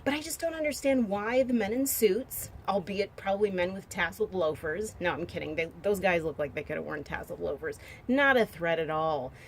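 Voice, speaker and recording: A woman's voice: lowish voice, brisk, few pauses, a little hiss or hum. A woman in her forties talks casually to camera, rambling and joking in a half-serious way and musing aloud as she browses pictures. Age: 40s. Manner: muses aloud while browsing pictures on screen. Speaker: vlogger.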